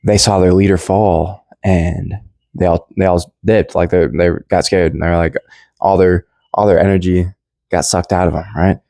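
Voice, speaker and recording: A man's voice: deep voice, steady tone, normal speed, dark tone, no room sound. A young man rambling through a casual Bible commentary in slangy, laid-back speech full of restarts. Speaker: Bible study vlogger.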